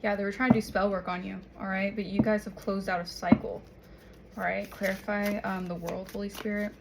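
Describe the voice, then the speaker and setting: A woman's voice: mid-range voice, flat delivery, fairly quick, gravelly, heavy background noise. A woman giving a casual tarot reading, chatting along and checking in with "okay?" and "all right?" after her points. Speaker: tarot reader.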